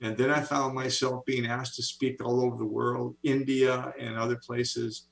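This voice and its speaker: His mid-range voice is creaky and moderately paced, and the recording is rough. He is an author and speaker in his seventies, animatedly telling stories as a guest in a video-call interview.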